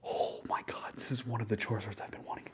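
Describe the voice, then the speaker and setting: A young man whispering through an ASMR livestream while opening trading card packs, slangy and excitable, bursting into loud hype now and then. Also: on the low side, fast. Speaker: ASMR streamer.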